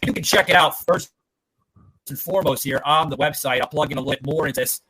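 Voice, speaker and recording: A man's voice: on the high side, quick pace, sharp tone, slightly rough, poor audio. A man hosting a podcast in a casual, rambling way, full of fillers and swearing. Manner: rambling, many fillers and profanity. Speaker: podcast host.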